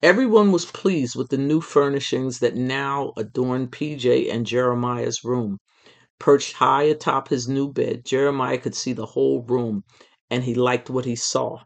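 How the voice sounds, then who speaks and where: Expressive children's storybook reader. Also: medium pitch, a little slow, creaky. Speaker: storyteller reading a children's book. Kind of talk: read-aloud children's story narration.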